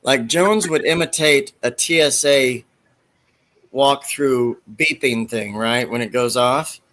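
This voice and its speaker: A man chats casually, rambling through a retelling of movie scenes and dropping into the quoted lines as he goes. His voice is bright and forward, at an everyday pitch. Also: slow pace. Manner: rambling storyteller who acts out quoted lines.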